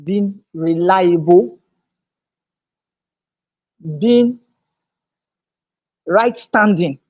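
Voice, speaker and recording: Emphatic woman speaker at a business seminar. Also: drawn-out words. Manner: emphatic, repeats words and restarts phrases; voice climbs higher and louder on key points. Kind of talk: motivational business seminar talk. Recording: dull lo-fi sound.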